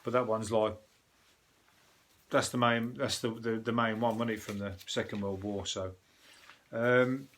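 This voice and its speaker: Man with a Birmingham accent, comic news review host, lowish voice, rambling and sweary. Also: little pitch movement, unhurried, long pauses, a bit bright, slight background noise. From Birmingham, England. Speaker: comedian host.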